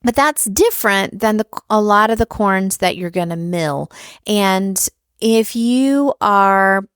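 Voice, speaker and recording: A woman's voice: medium pitch, expressive, takes it slowly, a bit bright, smooth, no room sound, studio quality. A woman hosting a food podcast, talking in a chatty, enthusiastic and informal way. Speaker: podcast host. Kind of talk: casual podcast interview and solo commentary.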